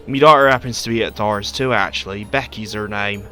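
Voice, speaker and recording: A man's voice: medium pitch, quick pace, pushed and bright, lightly acted. A man voicing a chatty middle-aged market merchant and father, in a folksy put-on Scottish-style lilt. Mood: friendly.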